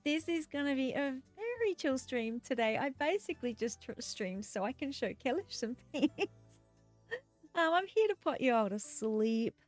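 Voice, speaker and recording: High-voiced giggly woman streamer. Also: moderate pace, faint music behind. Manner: excitable, giggly, chatty. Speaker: game streamer. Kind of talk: casual live-stream chat while playing.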